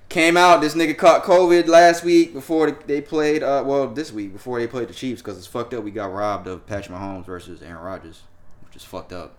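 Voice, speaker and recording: A man hosting a casual sports and pop-culture podcast, profane and laughing, swinging between loud and quiet. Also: mid-range voice, fairly even intonation, a little fast. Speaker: podcast host.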